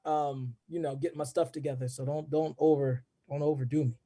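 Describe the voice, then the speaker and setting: A man's voice: on the high side, fairly even intonation, fairly quick, mellow. A man in casual chat, laid-back and joking, with casual swearing. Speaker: guest artist.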